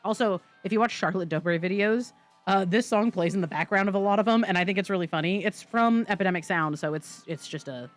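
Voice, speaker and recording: A woman's voice: mid-range voice, fairly quick, soft background music. A young woman streamer giving chatty, giggly live commentary while playing a game. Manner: chatty, giggly, thanks chat excitedly.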